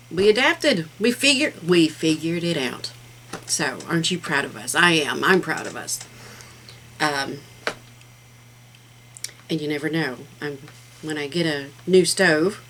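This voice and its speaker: A woman's voice: sits low, expressive, normal speed, pauses often, fairly bright tone, a little hiss or hum, poor audio. A middle-aged woman hosting a casual craft vlog, talking in a rambling, heartfelt way with plenty of fillers. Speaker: craft channel host.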